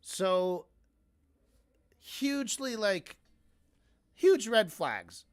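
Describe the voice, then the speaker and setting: Guy streaming a reaction, kinda high voice, talks slow, rambles and cusses. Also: sing-song, no room sound, clean studio sound. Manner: rambling, self-interrupting, swears freely. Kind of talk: casual reaction commentary.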